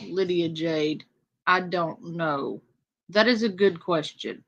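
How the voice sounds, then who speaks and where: A woman's voice: lowish voice, takes it slowly, muffled recording. A woman reacting to clips for a chat audience, sarcastic and incredulous. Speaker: reaction commentator. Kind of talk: casual reaction commentary.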